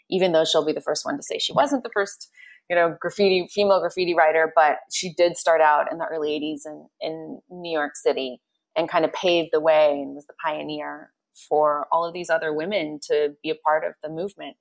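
A woman guest, an agency producer and filmmaker, talking in a lively way and laughing often on a podcast. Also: sits low, gravelly. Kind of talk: casual podcast chat.

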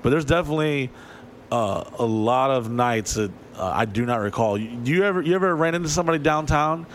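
Man, mid-pitched, rambling podcast talk, swears a lot, slight background hiss. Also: expressive, fairly quick. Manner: rambling, profane, lots of fillers and dry asides. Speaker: podcast co-host. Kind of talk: casual chat.

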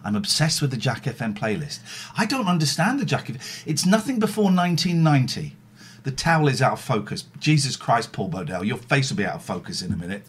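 A man's voice: medium pitch, big pitch swings, quick pace, husky. A middle-aged man hosting a casual livestream, telling rambling, self-mocking stories and swearing freely. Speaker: livestream host. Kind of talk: casual chat.

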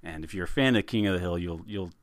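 A man co-hosting a podcast in casual chat, animated and laughing, often repeating words as he starts a sentence. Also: deep voice, fast talker, no room sound. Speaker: podcast co-host.

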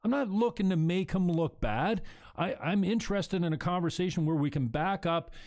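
A man's voice: high-pitched, expressive, moderate pace, darkish tone. A man hosting a talk show, speaking bluntly and emphatically, with frequent profanity. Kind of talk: heated opinion talk.

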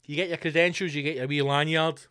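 A man's voice: fairly high pitch, steady tone, fast, bright, forceful tone, clean tone, dry recording, clean studio sound. A man hosting a solo podcast, ranting with lots of swearing and sarcastic asides. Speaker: podcast host.

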